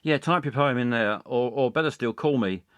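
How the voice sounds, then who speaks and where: A man hosting a comic live stream, rambling along with halting speech full of fillers and restarts. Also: medium pitch, a bit bright, clean tone, no echo.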